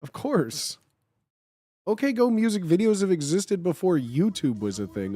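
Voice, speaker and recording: A young man with a hoarse, gravelly, blown-out voice, chatting playfully and rambling with his live-stream audience. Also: high voice, very animated, unhurried, warm tone, no room sound. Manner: playful, greets chat over and over, rambling. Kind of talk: casual live-stream chat, reading chat aloud.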